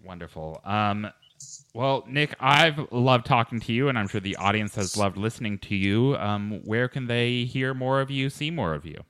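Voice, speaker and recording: A man's voice: mid-range voice, expressive, moderate pace, fairly bright tone, smooth, no room sound. A man hosting a podcast in a casual, hesitant way, with many ums and uhs. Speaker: podcast host.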